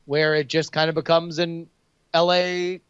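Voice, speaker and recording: Smooth-voiced man, hesitant chat. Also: a little high, flat delivery, a little slow, no echo, lo-fi sound. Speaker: podcast co-host. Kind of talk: casual chat.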